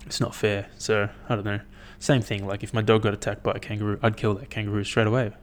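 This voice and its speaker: A young man with a slightly low-pitched voice rambles to camera in a loose, unscripted monologue. He is blunt and swears freely, with plenty of "like" and "um", and wanders from thought to thought. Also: flat delivery, quick pace, slight background noise. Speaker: vlogger.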